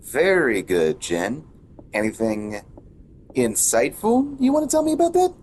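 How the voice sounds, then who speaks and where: A man doing gameplay commentary, sarcastic and mocking the game and its heroine, reading the game's text aloud in a quieter voice. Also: mid-range voice, huge pitch swings, unhurried, a little hiss or hum. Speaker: let's play commentator.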